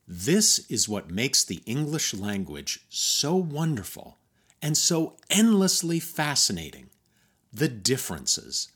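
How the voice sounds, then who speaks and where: An American man hosting a podcast, reading scripted narration in a measured, wry, emphatic way. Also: medium pitch, fairly bright tone. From United States. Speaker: podcast host.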